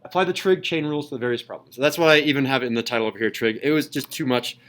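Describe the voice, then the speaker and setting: A young man teaching a high school math class in a classroom, playful and jokey in manner. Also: rapid-fire, a bit bright, low-quality recording. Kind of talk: classroom lecture.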